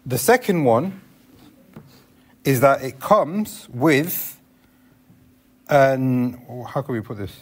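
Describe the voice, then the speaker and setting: A man's voice: mid-range voice, lively intonation, slow, long pauses, a little mellow, breathy edge. A man teaching a classroom lesson on Islamic law, explaining step by step and asking the class questions.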